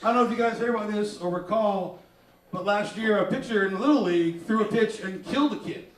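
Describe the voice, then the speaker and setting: High-voiced comedian on a roomy stage. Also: male voice, fast talker. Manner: crude, animated, slips into mocking voices. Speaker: stand-up comedian. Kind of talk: stand-up comedy set. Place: small theater stage. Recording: roomy, distant mic, loud crowd laughter.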